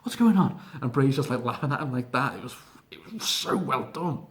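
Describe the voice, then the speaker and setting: A man giving an excitable, gushing casual video review of a wrestling event, with frequent laughs and filler words. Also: mid-range voice, fairly quick.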